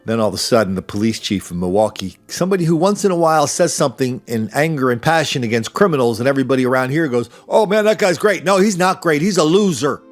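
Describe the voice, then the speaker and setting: A man's voice: medium pitch, expressive, fast, hardly any pauses, faint music behind. Sarcastic older man hosting a podcast. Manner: sarcastic storytelling with mocking impressions. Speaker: podcast host. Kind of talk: commentary monologue.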